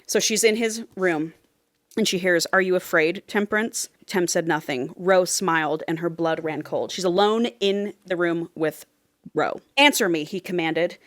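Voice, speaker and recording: A woman's voice: on the low side, measured pace. A woman co-hosting a podcast, casually retelling a book plot with frank, profane humor. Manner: retells a plot in a chatty way, quoting characters. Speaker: podcast co-host recapping a book. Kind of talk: casual chat.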